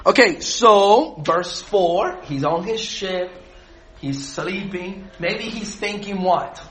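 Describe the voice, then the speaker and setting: A man leading a group Bible study, animated, asking the group questions and laughing often. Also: sits high, slow pace, a little hiss or hum.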